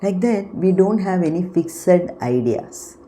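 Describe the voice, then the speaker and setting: A woman giving an unscripted spiritual talk as host of her channel, unhurried and explanatory, often pausing to search for words. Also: lowish voice, animated, dark tone, a little hiss or hum.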